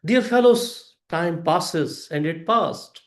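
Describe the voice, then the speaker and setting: High-voiced man speaking slowly. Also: animated, echoey room. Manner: slow, deliberate delivery with pauses and emphatic rises. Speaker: club member giving a prepared speech. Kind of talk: storytelling speech.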